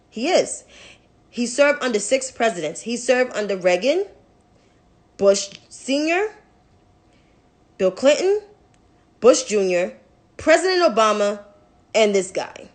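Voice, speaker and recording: A woman's voice: mid-range voice, sing-song, measured pace, long pauses. A young woman giving blunt, profane, exasperated commentary in a casual vlog. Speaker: political commentator.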